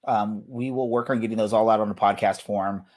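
A man's voice: on the low side, steady tone, brisk. A man hosting a casual soccer podcast, talking in a loose, rambling way full of fillers. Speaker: podcast host.

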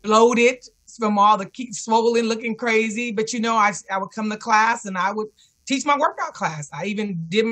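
Her voice is a little high and fairly bright, moving at a normal speed through a remote call. She's a cancer survivor and fitness instructor appearing as a guest, earnestly recounting her personal story to an interviewer and often repeating upbeat self-talk.

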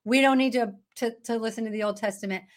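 A woman with a slightly high voice leads a Bible study from her phone. She talks in a chatty, emphatic way, mixing easy asides with forceful preaching. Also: fairly even intonation, fast talker. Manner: chatty and emphatic, breaks into laughs and mock voices. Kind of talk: casual preaching to camera.

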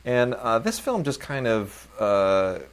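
A man's voice: mid-range voice, very animated, takes it slowly, clean tone. A man co-hosting a film podcast, chatting enthusiastically and rambling with many fillers about new releases.

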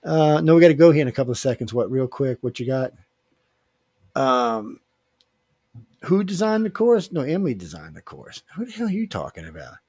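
A man's voice: mid-range voice, very animated, fairly quick, a little mellow, slightly rough, no room sound. A man hosting a casual radio show, joking and rambling with filler restarts. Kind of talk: casual live radio chat.

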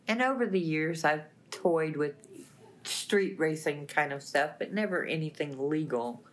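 Low-voiced woman telling a wild story. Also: a little slow. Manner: animated, laughing, plainspoken retelling. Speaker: talk show guest. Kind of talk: lively storytelling with quoted dialogue.

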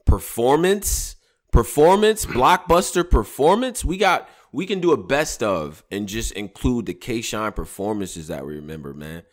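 A man hosting a casual battle rap discussion, talking in an emphatic, animated way and swearing freely. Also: on the low side, moderate pace, hardly any pauses. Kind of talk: casual chat.

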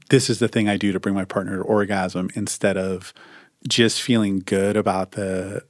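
A podcast co-host with a voice on the low side chats casually at normal speed. He is relaxed and rambles with lots of fillers like "like" and frequent restarts. The sound is clean studio audio with no room sound.

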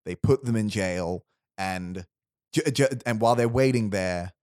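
The host's voice sits lowish and a little mellow as he casually rambles through a long story pitching a film idea on his podcast. He restarts, laughs a lot and makes quick asides, all captured in clean studio sound with no echo.

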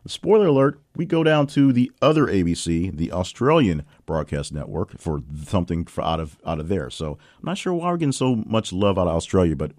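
Lively low-voiced male news host. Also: fairly quick, few pauses, dry recording, clean studio sound. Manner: reads headlines with wry asides and lively swings in pitch. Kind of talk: casual news roundup reading.

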